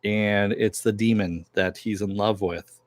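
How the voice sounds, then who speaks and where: Low-voiced man casually recapping a TV episode. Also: steady tone, unhurried, no room sound. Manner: rambling retelling that acts out quoted dialogue, chuckling now and then. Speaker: TV series reviewer.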